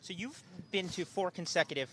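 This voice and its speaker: Bright, fast-talking male sideline reporter. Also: high voice, expressive, a little hiss or hum. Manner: brisk, upbeat questioning. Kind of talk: post-match interview.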